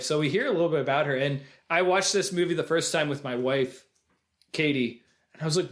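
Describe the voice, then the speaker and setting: Male podcast co-host, slightly high voice, animated retelling with quoted lines. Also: fairly quick. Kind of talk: casual film discussion.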